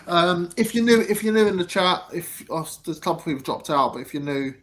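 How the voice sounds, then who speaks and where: A man's voice: high-pitched, lively intonation, quick pace. A man hosting a fan livestream, hesitant with many "um"s, agreeable and reading out viewer comments. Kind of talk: casual chat.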